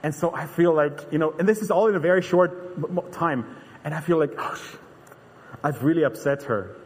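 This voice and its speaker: Male preacher, earnest chatty sermon delivery with restarts; slightly high voice, reverberant hall. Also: fairly quick, darkish tone. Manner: earnest, conversational, frequent restarts.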